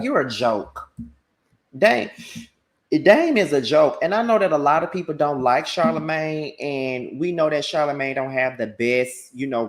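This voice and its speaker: A man's voice: fairly high pitch, gravelly, a bit bright. Combative man on a profane rant. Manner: profane, combative, rapid-fire rhetorical questions. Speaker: commentary YouTuber. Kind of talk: rant-style commentary.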